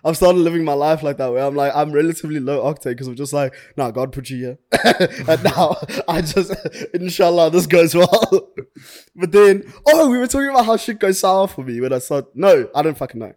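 Young South African man, slightly higher pitch, animated casual storyteller, swears a lot. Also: moderate pace. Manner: animated, slangy, swears freely, laughs through his story.

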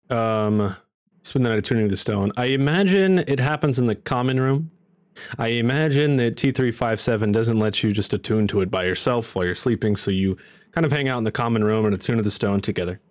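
A man narrating as dungeon master in a tabletop game, low and relaxed. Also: brisk, no echo, studio quality.

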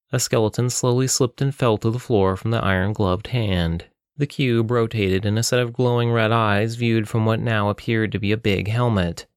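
A man reading an adventure story aloud in a steady, measured way. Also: medium pitch, dry recording, studio quality. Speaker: narrator.

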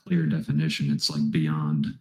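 A man's voice: extremely low pitch, sing-song, moderate pace, echoey room, rough recording. A man in his twenties in casual podcast chat, thoughtful and easygoing, sounding stuffed-up like he has a cold. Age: 20s. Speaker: podcast co-host.

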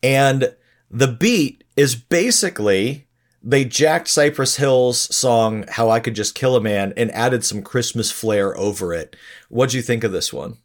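Man, podcast co-host, casual review chat, laid-back, average pitch. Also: animated, measured pace.

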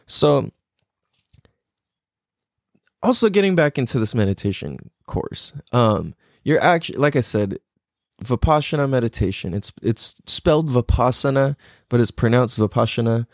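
A man's voice: mid-range voice, sing-song, moderate pace, dry recording, studio quality. A man talking in a casual, reflective monologue, loose and profane, full of "like" and "you know".

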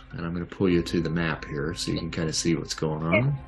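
A man with a very low voice narrates a tabletop role-playing game as its game master. He talks in an easygoing way, often pausing on filler sounds, while soft music plays underneath. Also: steady tone, gravelly.

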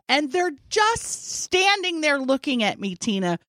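This is a dry, studio-quality recording of a fortysomething woman with a high-sitting voice, speaking slowly. In casual talk she relates a long humorous story, performing others' quotes and laughing frequently.

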